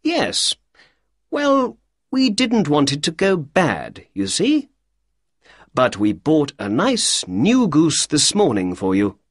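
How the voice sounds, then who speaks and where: A man voicing a clever male detective with a crisp, brisk and upbeat manner. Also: on the high side, wildly swooping pitch, no echo, studio quality, pitched above the performer's own voice, full character voice.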